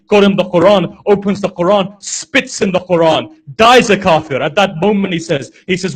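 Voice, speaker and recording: A man's voice: sits high, expressive, normal speed, husky, rough recording. A man preaching a sermon from a pulpit, telling a story and asking rhetorical questions with heavy repetition.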